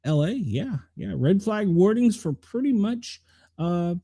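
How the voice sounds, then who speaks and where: Host: middle-aged man, dark mellow tone, lively pitch, chatty and rambling. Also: measured pace, no echo, clean studio sound. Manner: chatty, rambling, talks to viewers by name. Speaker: show host reading the weather. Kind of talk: casual live-stream weather rundown.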